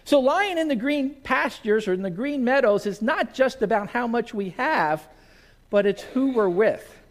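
Animated, high-voiced male pastor preaching. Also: a little slow. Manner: storytelling, animated, acts out scenes. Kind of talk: sermon.

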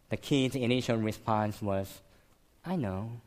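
Slow-spoken male preacher. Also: mid-range voice. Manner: slow, emotional storytelling with many repetitions. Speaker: pastor. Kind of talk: sermon.

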